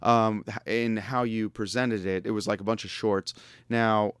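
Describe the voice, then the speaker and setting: A man's voice: lowish voice, flat delivery, normal speed, clean tone, no room sound. A man hosting a casual radio chat, joking and laughing often. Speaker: podcast host.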